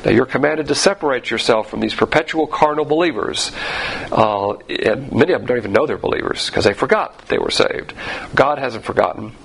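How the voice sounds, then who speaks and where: A man's voice: medium pitch, a little fast, vocal fry, husky, low-quality recording. A man preaching a sermon, emphatic, with rhetorical questions and frequent fillers. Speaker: pastor.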